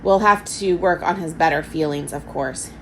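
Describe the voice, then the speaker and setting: A woman reading a storybook aloud, voicing a kind, sensible girl who speaks gently and reassuringly. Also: low voice, moderate pace, slight background noise, natural voice, poor audio. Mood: gentle.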